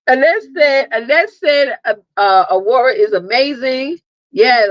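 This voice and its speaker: A woman hosting a casual livestream, lively and chatty, laughing often and calling listeners honey and girl. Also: high voice, slow, dry recording. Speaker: livestream host and marketing coach. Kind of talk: casual live chat. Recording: dull lo-fi, dry sound.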